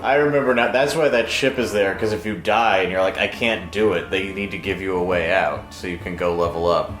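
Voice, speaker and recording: A low-voiced man chats and jokes as he walks a friend through a game he already knows. The sound is roomy, and loud game music plays behind him. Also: brisk. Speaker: returning player guiding a friend. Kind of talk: live gameplay chat.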